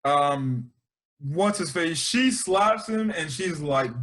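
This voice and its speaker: A man with a high voice talks through an anime review in casual chat. His pitch swings widely as he rambles, restarts and drops in slang. He sounds excitable throughout. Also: slow pace.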